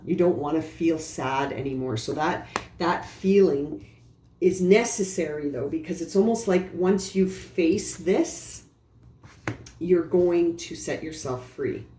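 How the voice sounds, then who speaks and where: A woman reads tarot cards in a casual, earnest way, talking straight to the listener and reassuring them. Her voice is mellow and soft-edged. The recording sounds roomy, with a faint hiss underneath. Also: low-pitched. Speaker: tarot reader. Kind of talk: casual tarot reading to camera. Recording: roomy echo with faint background noise.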